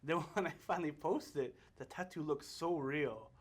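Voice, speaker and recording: Man, interview guest, casual storytelling, chatty, lots of fillers, slightly high voice. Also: moderate pace. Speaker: actor guest.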